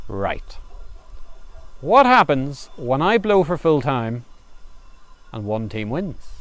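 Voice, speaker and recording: Lively storyteller man. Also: on the high side, dry recording. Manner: chatty, humorous yarn-spinning. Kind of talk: spoken folk storytelling. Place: outdoors under a tree on a farm. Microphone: camera recording outdoors.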